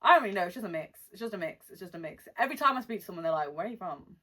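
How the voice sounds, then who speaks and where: A woman's voice: mid-range voice, animated, bright, forceful tone. A young woman rapper with a mixed British accent, born in Wales and living in the West Midlands, answering fan questions in a casual, blunt, slangy way. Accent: mixed British, Welsh-born with West Midlands and London touches. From born in Wales, lives in the West Midlands. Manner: chatty, blunt, slangy, reads questions aloud slowly. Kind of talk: casual Q&A vlog.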